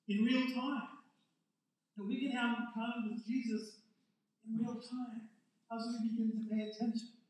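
An older male pastor preaches in a loose, joking way, calling on his listeners to join in. His voice sits very high for a man. It rings through a very echoey hall, picked up from some distance. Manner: joking, chatty, draws in the congregation. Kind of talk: conversational sermon. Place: church sanctuary.

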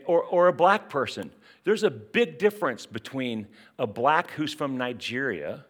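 A man preaching a sermon in church, talking in a conversational way with lots of rhetorical questions and asides. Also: mid-range voice. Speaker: pastor.

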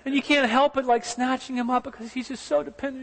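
A man's voice: very high voice, level tone, quick pace, vocal fry, fairly bright tone, big-room sound. A man preaching a sermon in an earnest, conversational way, asking his listeners questions as he goes. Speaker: pastor.

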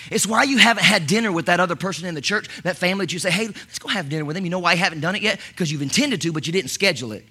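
A man preaching a lively sermon as pastor, talking in bursts with many repeated words and restarts. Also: sits high, very fast, few pauses, breathy edge.

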